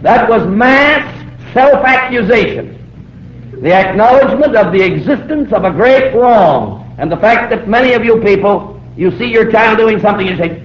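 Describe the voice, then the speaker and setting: Man preaching a sermon, slightly high voice, emphatic storyteller; dull, echoey old recording with faint noise. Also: normal speed. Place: hall with a live audience.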